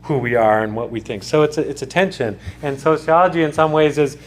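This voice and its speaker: Man lecturing, slightly high voice. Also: brisk. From United States. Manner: conversational, with frequent restarts and asides. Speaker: sociology lecturer. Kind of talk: classroom lecture.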